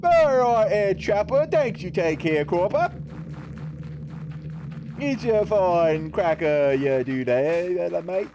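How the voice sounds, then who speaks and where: A man's voice: high voice, animated, slow, a little mellow, a little hiss or hum, exaggerated voice. A man putting on a cheeky fake British bloke, with an exaggerated put-on accent.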